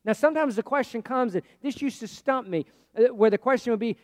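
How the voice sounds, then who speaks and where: A man preaching a sermon in a conversational way, swinging between loud, pressing lines and hushed, quiet ones. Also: extremely high pitch, brisk, few pauses, long reverb tail. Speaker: pastor.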